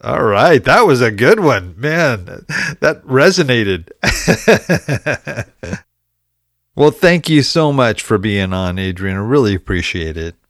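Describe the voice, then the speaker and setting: A man's voice: mid-range voice, lively intonation, takes it slowly, long pauses, fairly bright tone, no room sound, clean studio sound. A man hosting a podcast interview, folksy and upbeat in his sign-offs. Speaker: podcast host.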